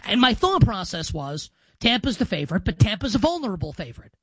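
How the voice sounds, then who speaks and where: Brash, animated male sports radio host. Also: high voice, fast talker, husky, no room sound. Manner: brash, animated, swings loud and soft for emphasis. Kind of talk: football predictions show.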